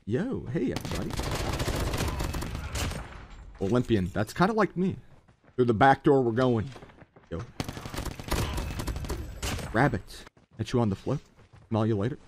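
A man's voice: mid-range voice, sing-song, normal speed, pauses often, background noise. A man streaming a mobile shooter game, giving hyped, slangy live commentary and talking to his chat. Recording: loud gunfire from the game behind the voice.

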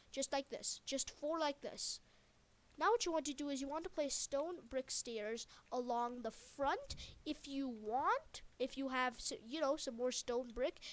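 A woman narrating a casual video game building tutorial. She rambles and jokes, with lots of fillers and quick self-corrections. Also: high-pitched.

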